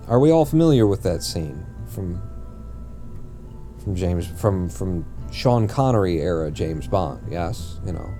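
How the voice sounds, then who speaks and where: Low, dark-voiced man rambling on stream. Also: animated, slow pace, long pauses, soft background music. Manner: rambling, jokey, often corrects himself mid-sentence. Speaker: game streamer. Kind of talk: casual live-stream chat while playing.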